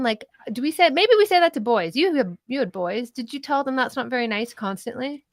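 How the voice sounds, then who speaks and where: A middle-aged woman co-hosting a casual political chat show, talking in an animated way, often laughing and sometimes swearing. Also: fairly high pitch, fairly quick, no echo. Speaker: co-host.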